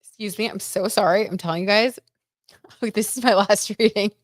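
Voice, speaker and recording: Chatty, excitable woman reading tarot live. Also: mid-range voice, moderate pace, no room sound, clean studio sound. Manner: chatty and excitable, lots of "oh my god" and "like"; reads viewer comments aloud and reacts. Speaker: tarot reader hosting a live stream.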